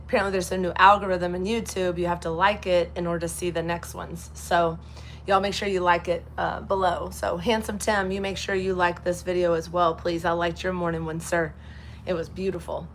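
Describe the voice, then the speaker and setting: Chatty woman host, light Kentucky twang, storyteller, faint hiss behind. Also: on the low side. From Texas. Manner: chatty storyteller, acts out other people's lines. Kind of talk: casual live chat.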